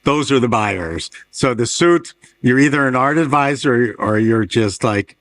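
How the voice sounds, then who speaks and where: A man interviewing on a panel, with quick wry remarks and anecdotes. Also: medium pitch, lively intonation, a bit bright. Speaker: interviewer, art newsletter publisher. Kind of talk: casual panel conversation. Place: fair talk stage.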